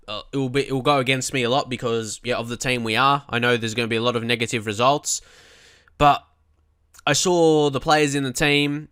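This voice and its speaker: A young man giving loose, excitable commentary on the football match he is managing, swinging from hopeful chatter to frustrated swearing. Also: mid-range voice, smooth, dry recording, studio quality. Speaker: gaming commentator. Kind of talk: live match commentary while playing.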